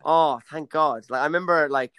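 A man's voice: a little high, moderate pace, fairly bright tone, smooth, no room sound. A man co-hosting a podcast, telling a story in a teasing, joking way. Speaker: podcast co-host. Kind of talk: casual storytelling chat.

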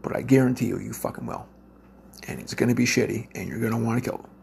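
A man rambles through a story, swearing in nearly every line. His voice is deeply gravelly and full of fry. He talks bluntly and loosely, with faint noise under the recording. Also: fast, darkish tone. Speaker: parent telling a story to listeners. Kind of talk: profane storytelling rant.

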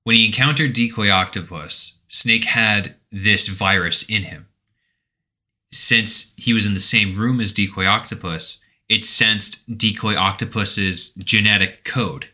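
A man co-hosts a casual podcast, walking through a game's story in a bright, forward voice. Now and then he breaks into loud put-on voices for the characters' lines. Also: fairly low pitch, unhurried. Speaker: podcast co-host. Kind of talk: casual podcast recap of a video game.

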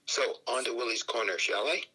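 Forceful, husky older Canadian man. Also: mid-range voice, brisk, low-quality recording. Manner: lively storyteller who acts out voices. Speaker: guest, fan group founder. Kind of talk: radio interview.

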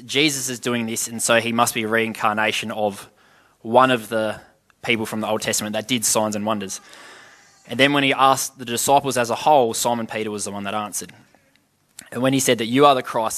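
A man at an ordinary middle pitch teaches from the Bible in a relaxed, chatty way. He reads scripture passages aloud, then unpacks them plainly and puts questions to his listeners.

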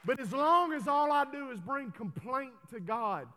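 A man preaching a folksy sermon in a church, building to loud, emphatic calls. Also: extremely high pitch, animated, moderate pace, a faint crowd, slight background noise. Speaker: pastor. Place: church hall. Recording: reverberant church hall.

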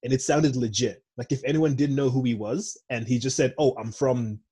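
A man's voice: mid-range voice, a little fast, warm tone, slightly rough. A young man from Zimbabwe with an American accent, co-hosting a podcast in casual, rambling chat and often correcting himself. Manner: rambling, digressive, self-correcting. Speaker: podcast co-host.

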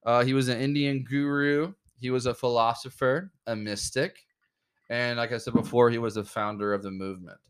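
A young man hosting a casual podcast, laid-back and joking, talking in halting bursts with fillers. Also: medium pitch, little pitch movement, clear, resonant tone. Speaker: podcast host.

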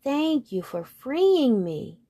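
A frightened storybook moon, voiced by a woman, who begs and pleads in a raised, fluttering pitch. The voice rides well above the reader's own, slow and drawn out. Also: big pitch swings, dark tone, heavily acted. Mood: pleading, grateful. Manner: high, begging.

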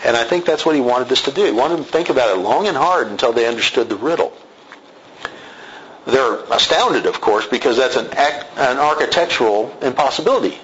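A man giving an expository Bible lesson in a relaxed, conversational manner, breaking off for quick asides and correcting himself as he goes. His voice sits at an ordinary middle pitch. The recording is a little dull, with a faint hiss underneath. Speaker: Bible teacher.

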